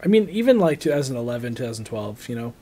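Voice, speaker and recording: A man's voice: medium pitch, very animated, quick pace, warm tone. A young man co-hosting a casual movie podcast, rambling and trailing off as he talks. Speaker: podcast co-host.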